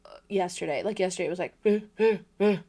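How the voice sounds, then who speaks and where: A woman's voice: lowish voice, quick pace, over a noisy crowd. A woman in her thirties co-hosting a podcast, chatting casually and swearing freely as she tells stories about her kids. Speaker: podcast co-host. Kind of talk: casual chat.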